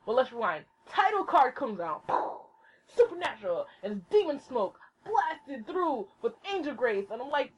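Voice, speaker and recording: A woman hosting a solo podcast, ranting casually with lots of swearing and bursts of squealing excitement, recorded at home on a laptop. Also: fairly high pitch, moderate pace, husky, low-quality recording. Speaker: podcast host. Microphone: laptop mic.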